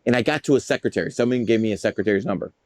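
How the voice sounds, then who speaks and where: A man's voice: lowish voice, racing, darkish tone, dry recording. A man telling stories as a guest in a casual interview, boastful, profane and rambling. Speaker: guest, numerologist.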